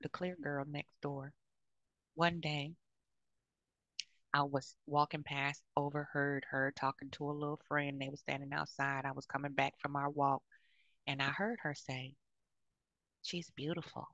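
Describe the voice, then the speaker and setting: A woman's voice: sits low, little pitch movement, a little slow, fairly bright tone, no room sound, muffled recording. A woman in her fifties giving blunt, outspoken advice to other women, often checking in with "okay?". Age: 50s. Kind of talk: frank advice monologue.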